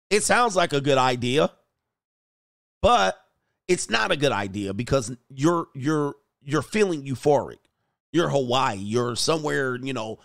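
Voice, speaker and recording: A man's voice: medium pitch, no room sound, clean studio sound. A middle-aged man hosting a relationship coaching show, giving blunt, profane commentary on a news story and lecturing his listeners.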